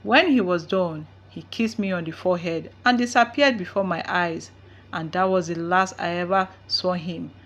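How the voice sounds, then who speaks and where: A woman's voice: lowish voice, normal speed, fairly bright tone. A woman narrating a folktale in the first person, reading with drama. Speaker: storyteller.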